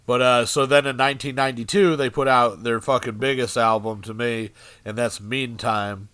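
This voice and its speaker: Podcast co-host, relaxed swearing style, smooth clear voice, dry close sound. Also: male voice, mid-range voice, moderate pace, dry recording. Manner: laid-back, profane, filler-heavy. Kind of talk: casual podcast chat. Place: studio.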